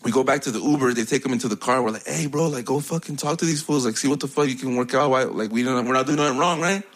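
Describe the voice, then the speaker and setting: A man's voice: mid-range voice, very fast. A young man from the United States telling stories in casual chat, rambling, slangy and profane, often laughing.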